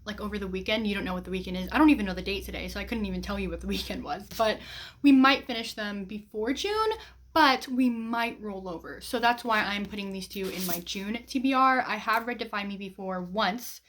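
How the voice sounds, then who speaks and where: A woman's voice: medium pitch, fairly bright tone. A young woman vlogging to camera about her reading plans, bubbly and gushing, with a run-on, chatty way of talking. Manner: bubbly, gushing, fast-running sentences with many "like"s. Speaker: book vlogger. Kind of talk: casual chat to camera.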